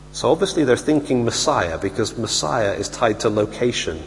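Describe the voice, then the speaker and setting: During his sermon, a preacher brings the story to life by acting out the people in it. He speaks at a moderate pace in a mid-range voice, with hall reverb and a faint hum in the background.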